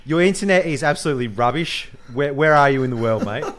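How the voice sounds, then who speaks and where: A man's voice: mid-range voice, expressive, fast talker, fairly bright tone. A man, co-hosting a podcast, teasing his partner and mimicking him in casual chat. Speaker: podcast co-host.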